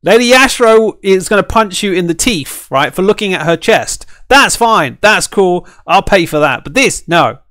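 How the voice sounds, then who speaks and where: Male streamer, high and very animated, ranting and asking "right?", dry close sound. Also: moderate pace, hardly any pauses, no echo. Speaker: streamer and fighting game caster. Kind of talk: ranting reaction stream chat.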